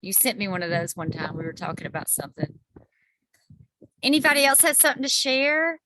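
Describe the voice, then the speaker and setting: Bright-voiced woman hosting a call. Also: mid-range voice, lively intonation, a little fast, no echo. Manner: upbeat, folksy, encouraging. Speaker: host of a wellness group call. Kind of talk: casual encouraging talk on a group video call. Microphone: video call.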